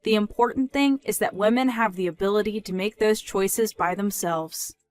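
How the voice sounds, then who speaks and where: A woman voicing a calm young working woman who answers in a measured, polite but firm way in a dramatized story. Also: mid-range voice, natural voice.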